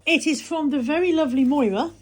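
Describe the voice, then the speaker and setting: A woman's voice: high voice, quick pace, a little mellow. A woman from England chatting casually to camera as a vlogger, self-mocking and muttering to herself as she goes through her post.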